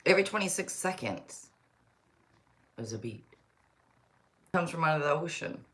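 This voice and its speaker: A woman's voice: deep voice, expressive, moderate pace, fairly bright tone. Rambling woman chatting on a live stream. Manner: rambling, chatty, talks to herself. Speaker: tarot reader livestream host. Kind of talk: casual livestream chat.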